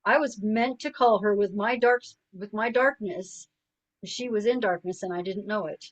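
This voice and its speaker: A middle-aged woman speaks in a mid-range voice at normal speed on a rough recording. She's appearing as a guest and works as a suicide prevention coach, and her storytelling is earnest and conversational, full of "you know."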